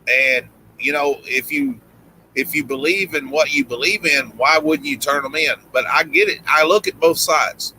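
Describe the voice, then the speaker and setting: Chatty Tennessee man, very bright voice. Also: a little high, normal speed, a little hiss or hum, low-quality recording. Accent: Southern US, Tennessee. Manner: rambling, frequent "you know" fillers and restarts. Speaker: livestream host. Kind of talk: casual live-stream chat.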